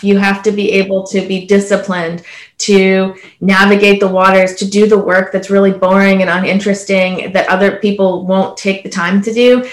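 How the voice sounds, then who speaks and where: A Canadian woman in her thirties, a panelist in a casual discussion, tells her story earnestly and conversationally, often using "like" and "you know." Her mid-range voice has a fairly bright tone, and the room sounds echoey.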